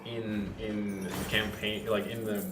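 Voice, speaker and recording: A man's voice: lowish voice, level tone, a little slow. A man casually chatting and joking while playing a strategy game, laughing easily. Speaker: let's play host. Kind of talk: casual gameplay chat. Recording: echoey room with noise.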